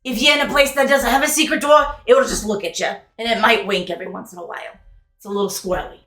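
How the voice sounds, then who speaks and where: A woman's voice: a little high, steady tone, quick pace, fairly bright tone, echoey room. Rambling woman running a tabletop game. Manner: loose, rambling storytelling with swearing. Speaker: game master.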